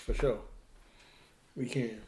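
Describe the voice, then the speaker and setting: A man co-hosting a casual talk show, telling animated stories and acting out what others said. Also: medium pitch, takes it slowly, roomy sound, background noise. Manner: animated storytelling, acting out quotes. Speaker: co-host. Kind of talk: casual chat.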